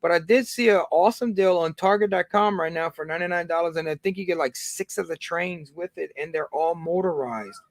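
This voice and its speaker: A man's voice: fairly high pitch, fairly quick, hardly any pauses, no echo. Rambling man hosting a livestream. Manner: rambling, many fillers and restarts. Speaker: livestream host. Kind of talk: casual livestream chat.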